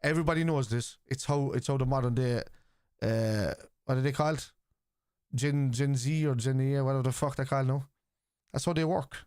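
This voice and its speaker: Scouse man, football stream host, mid-pitched voice, blunt and sweary, arguing with chat, dry sound. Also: fairly even intonation, normal speed, clean tone, no room sound. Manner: blunt, sweary, argues with chat, shouts player names. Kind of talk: live stream chat and match reactions.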